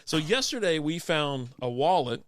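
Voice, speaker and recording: A man's voice: fairly high pitch, big pitch swings, normal speed, a bit bright, dry recording, clean studio sound. A young adult man co-hosting a casual chat, rambling through stories, acting out quotes and laughing often. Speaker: podcast co-host.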